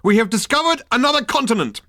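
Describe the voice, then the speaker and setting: A man voicing a zealous army officer who barks his reports in a shout. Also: extremely high pitch, very animated, fast, no echo, studio quality, pitched above the performer's own voice, exaggerated voice. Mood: barking. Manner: shouted military barking. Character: barking eager soldier, army number two.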